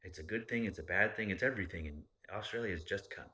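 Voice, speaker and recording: A man with a low, deep voice that still has a forceful, bright edge. He talks casually as a podcast host, rambling and swearing freely, with an animated delivery. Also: quick pace. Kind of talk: casual chat.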